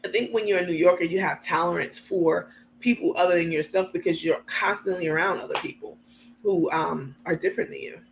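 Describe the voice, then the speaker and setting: A woman from New York City hosting a casual livestream. She chats and reads out viewer comments in a relaxed, frank way, laughing easily and using many ums. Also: fairly low pitch, a little fast, vocal fry, a little hiss or hum. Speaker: livestream host.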